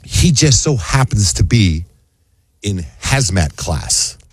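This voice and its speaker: A man's voice: slow pace, slightly rough, no room sound. A man in a casual chat, telling a story animatedly and acting out other people's lines in a raised voice. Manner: animated storyteller, acts out quotes in a high voice.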